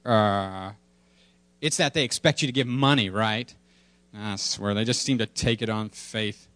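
A man doing a weary, deadpan cartoon dad. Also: unhurried, no echo. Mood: dry. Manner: low, muttered, deadpan.

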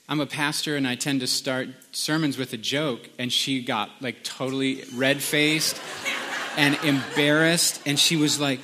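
A man's voice: medium pitch, moderate pace, sharp tone, a little hiss or hum. A middle-aged man preaching as a pastor, telling a story in a chatty, self-deprecating way with lots of fillers. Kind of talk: casual sermon with anecdotes.

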